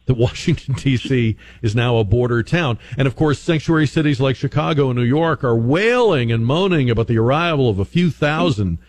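A man hosting a radio talk show, asking measured questions that he builds up at length. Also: mid-range voice, lively intonation, a little mellow, slight background noise. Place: radio studio.

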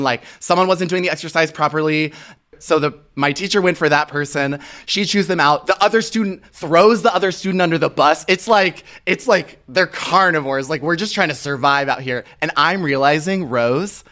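Young man, casual chat, animated storyteller, swooping pitch. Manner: animated storytelling, laughs often. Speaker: podcast co-host.

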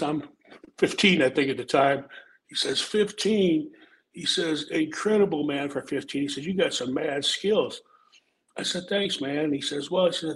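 A man's voice: medium pitch, vocal fry, a little hiss or hum, rough recording. A middle-aged man from Nebraska, casually telling long rambling stories on a podcast, swearing and saying "man" a lot. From Omaha, Nebraska. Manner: laid-back, rambling, swears, says "man" often. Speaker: podcast guest telling his life story. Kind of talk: casual storytelling.

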